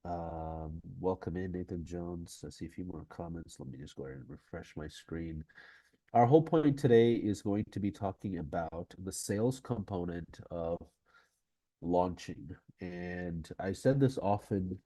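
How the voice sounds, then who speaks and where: A congested, nasal man hosts a live stream with a low, mellow voice. He chats loosely with viewers, full of fillers and restarts, and the sound is close and dry. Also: measured pace, no room sound. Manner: chatty, with many fillers and restarts. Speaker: host of a live-streamed course session. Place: conference venue.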